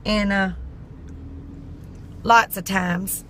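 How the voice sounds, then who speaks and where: A woman's voice: mid-range voice, fairly even intonation, very slow, a bit bright, slight background noise, rough recording. Folksy woman in a car. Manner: folksy and heartfelt, tearful at times. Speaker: vlogger. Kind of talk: casual chat.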